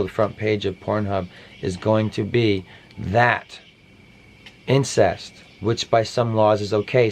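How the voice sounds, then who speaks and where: A man's voice: on the low side, a little hiss or hum. A man hosting a parody podcast, rambling through a satirical monologue with offhand, mock-conspiratorial asides.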